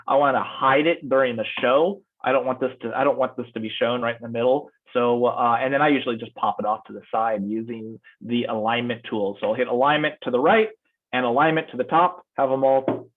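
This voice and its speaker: A male instructor giving an online lecture, thinking aloud as he demonstrates software. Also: mid-range voice, fairly quick. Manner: thinks aloud while clicking through slides. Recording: tinny phone-like call audio.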